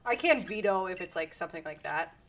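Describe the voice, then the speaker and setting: A woman streaming, chatting casually with her viewers and breaking off to yell at her cat. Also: on the low side, lively intonation, a little fast. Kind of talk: casual live-stream chat. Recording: distant mic with noise.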